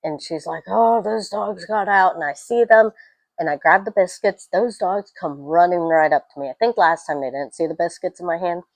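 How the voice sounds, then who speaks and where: A young adult woman giving a casual, rambling film review, telling stories with animated swings and tangents. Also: lowish voice, brisk, no room sound, poor audio.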